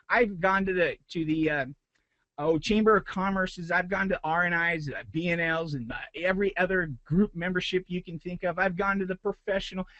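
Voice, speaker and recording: A man's voice: high-pitched, a bit bright, no echo, dull audio. A man, a business owner, giving a motivational talk to a group, retelling a frustrating story with rising intensity.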